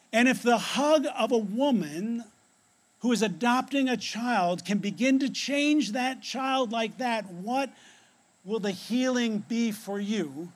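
A male pastor with a notably high voice delivers a sermon. He tells a story with dramatic pauses and lets his voice sink to a near hush on key phrases. He closes by leading a prayer. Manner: ends in prayer.

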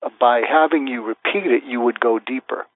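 A man being interviewed as a guest expert, calmly laying out a method step by step and acting out example phrases. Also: mid-range voice, normal speed, no echo. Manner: methodical, lists numbered steps, acts out example phrases. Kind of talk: interview answers, explaining step by step. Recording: tinny phone-like line, dry.

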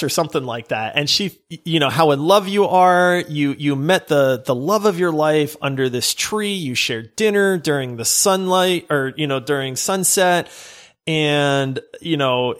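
A man co-hosting a gaming podcast, retelling a quest in an animated, laughing way. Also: on the high side. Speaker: podcast co-host. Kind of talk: casual chat.

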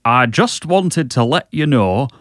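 A man's voice: mid-range voice, expressive, slow pace, fairly bright tone, dry recording, clean studio sound. A man playing a mild, polite podcast co-host who frets over proper manners and hesitates often. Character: mild, fussy male co-host and sidekick. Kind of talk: improvised comedy podcast.

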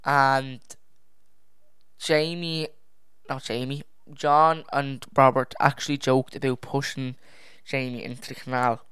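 Young true crime podcast host, casual and easily distracted, clear voice, dry home mic. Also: medium pitch, little pitch movement, slow pace, fairly bright tone, dry recording. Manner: rambling, self-correcting, easily distracted; sighs and drops to a near whisper at times. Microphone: own podcast microphone.

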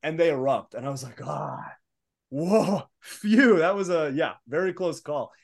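A young man, a wrestler guest, telling stories in a casual interview with rising excitement. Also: fairly high pitch, fairly quick. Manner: animated, building excitement in stories.

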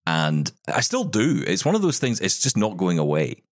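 A man's voice: low-pitched, huge pitch swings, normal speed, dry recording, clean studio sound. A man co-hosting a podcast, joking and self-mocking in casual chat while nursing a headache. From Scotland. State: has a lingering headache. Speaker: podcast co-host.

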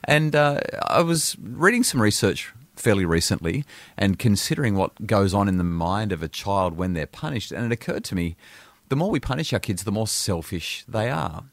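A man's voice: on the low side, normal speed, gravelly, no echo. A middle-aged Australian man, a parenting expert, chatting on a podcast and acting out stories with laughter. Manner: animated storyteller, acts out scenes and laughs. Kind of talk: casual podcast chat.

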